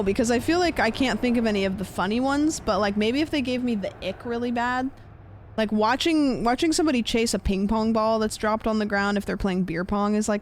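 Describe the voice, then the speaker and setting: A young woman streams while gaming, chatting casually in a mid-range voice. She rambles with lots of fillers and trails off quietly.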